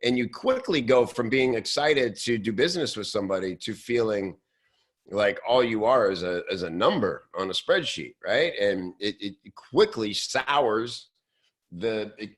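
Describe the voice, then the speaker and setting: A man hosting a show, talking casually and loosely with many fillers and restarts, now and then slipping into quick mock voices. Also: lowish voice, lively intonation. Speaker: host. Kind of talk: casual podcast talk.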